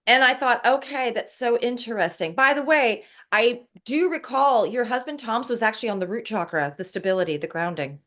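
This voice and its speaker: A woman's voice: fairly high pitch, expressive, normal speed, hardly any pauses, fairly bright tone. A middle-aged woman in casual conversation, earnestly recounting a spiritual dream with emotion and many restarts.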